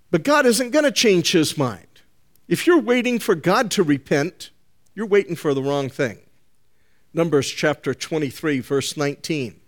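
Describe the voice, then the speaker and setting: Male preacher, lively emphatic delivery, slightly high-pitched, addresses congregation directly. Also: a little slow. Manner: animated, emphatic preaching with rhetorical questions to the congregation. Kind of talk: sermon.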